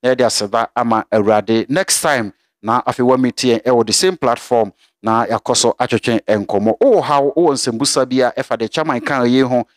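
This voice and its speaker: A man from Ghana hosting an online show, thanking his guest and signing off, pausing often on "eh". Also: mid-range voice, dry recording, clean studio sound. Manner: thankful, hesitant with frequent "eh" fillers. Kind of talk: interview wrap-up and sign-off.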